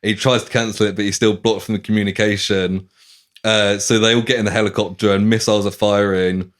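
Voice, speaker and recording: A podcast host, fairly low-pitched and brisk, chats casually while retelling a novel's story. He animatedly performs the characters' lines, throwing in swearing and laughs.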